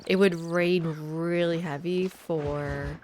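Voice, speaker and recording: A woman's voice: on the low side, steady tone, takes it slowly, darkish tone, slight background noise. A woman streamer giving chatty, amused commentary while playing a game. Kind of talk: casual gameplay commentary.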